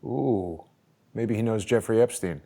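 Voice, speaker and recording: A man's voice: on the low side, a little slow, creaky, dark tone. Dry-spoken male interview host. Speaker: show host. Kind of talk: casual interview talk.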